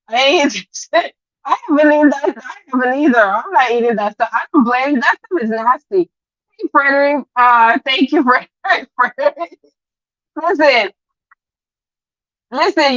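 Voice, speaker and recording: A woman's voice: high voice, pushed and bright, dry recording. Woman, live-stream gossip host, casual chat, laughs often, dry dull lo-fi audio. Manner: chatty, laughs often, greets viewers by name.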